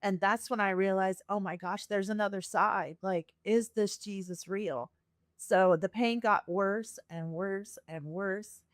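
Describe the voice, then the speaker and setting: A woman's voice: mid-range voice, slow, dry recording, clean studio sound. Earnest woman telling her testimony. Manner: earnest, animated, acts out quoted voices. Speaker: podcast guest sharing her testimony. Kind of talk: emotional personal storytelling.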